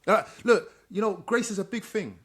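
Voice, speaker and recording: Middle-aged guy sharing a personal story, husky voice, drops soft on the heavy bits. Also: high-pitched, normal speed. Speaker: guest, social worker.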